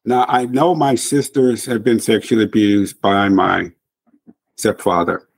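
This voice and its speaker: A man's voice: fairly low pitch, fairly even intonation, measured pace, creaky, husky. Earnest man telling a personal story. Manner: emotional, earnest, repeats words for emphasis. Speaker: podcast guest, author.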